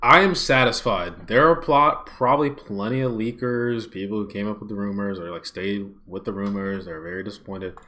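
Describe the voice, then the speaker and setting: A man hosting a live watch-party stream who swings between hyped shouting and muttered grumbling, recorded on a smartphone. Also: fairly low pitch, normal speed, few pauses, noisy background. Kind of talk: excitable live reaction stream.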